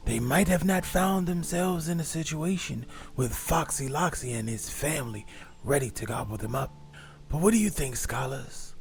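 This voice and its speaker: A man hosting a children's story show, talking directly to young listeners like a teacher. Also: medium pitch. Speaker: host.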